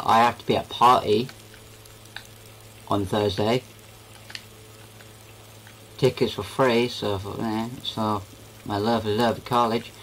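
Young guy gaming commentator, goofy and rambling, slow talker, faint keyboard clicks behind. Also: mid-range voice, a little hiss or hum, poor audio. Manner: goofy, rambling, talks to himself. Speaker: gaming video creator.

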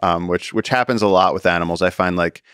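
A man speaking as a podcast guest, a conservationist and explorer, telling stories in an animated, casual way and often repeating words as he goes. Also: low-pitched, quick pace, clear, resonant tone, no room sound, clean studio sound. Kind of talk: casual storytelling conversation.

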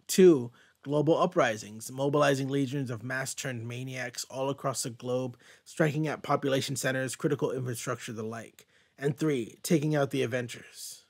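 A man reading the lines of a grim, terse vampire hunter in a flat, matter-of-fact way. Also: mid-range voice, moderate pace, close to an everyday voice.

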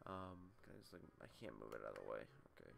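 A man's voice: very deep voice, big pitch swings, quick pace, vocal fry, fairly bright tone. A young man casually commentating his video game play, swearing and mocking himself as he goes, with a runny nose. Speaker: let's play gamer.

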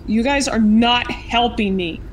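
A woman's voice: fairly high pitch, a little slow, a little hiss or hum, low-quality recording. A woman on a live stream, defensive and irritated, snapping back at people trolling her. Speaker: streamer being raided.

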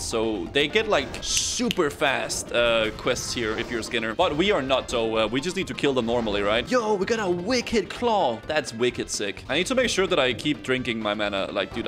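A man's voice: a little high, a bit bright. Playful young man commenting on gameplay. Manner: playful, jokey, addresses viewers as guys. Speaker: gaming video host.

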